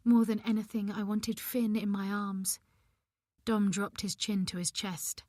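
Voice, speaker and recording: A woman's voice: medium pitch, steady tone, measured pace, a little mellow, no room sound, studio quality. A woman narrating a domestic thriller in the first person, with a tense, emotional delivery. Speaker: audiobook narrator.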